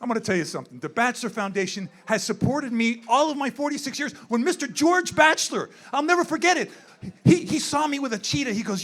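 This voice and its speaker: Speaking into a handheld mic at a gala in an indoor event room, a zoo animal worker in his sixties rambles through an unscripted, candid speech and keeps repeating himself. His voice is very high-pitched and fairly bright, with lively intonation and a quick pace.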